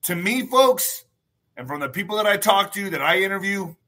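Emphatic bright-voiced man hosting a stream. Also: high voice, expressive, normal speed. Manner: emphatic, repeats phrases; swears freely. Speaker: show host. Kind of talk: casual livestream talk.

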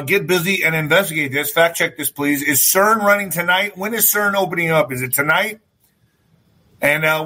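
A man hosting his own talk show, ranting loosely in a loud, swearing style with sudden shouts. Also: a little high, low-quality recording. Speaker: host. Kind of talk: opinionated talk show monologue.

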